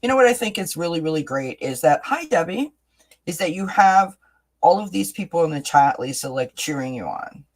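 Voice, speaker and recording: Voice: medium pitch, animated, normal speed. Tarot reader on a live stream, rambly chat, lots of "right?" and restarts. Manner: chatty, keeps asking "right?"; repeats words and restarts often. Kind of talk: livestream tarot reading chat.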